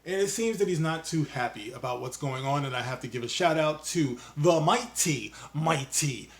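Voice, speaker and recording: A man hosting his own video commentary channel, talking in a loose, mocking way with quick asides and jokes. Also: on the high side, lively intonation. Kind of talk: casual opinion monologue.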